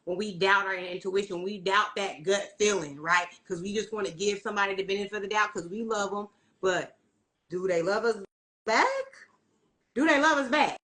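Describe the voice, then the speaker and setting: Bright, emphatic woman tarot reader. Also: medium pitch, poor audio. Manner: profane, emphatic, keeps asking "you see what I'm saying"; preachy, encouraging, spiritual. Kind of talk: casual livestream tarot talk.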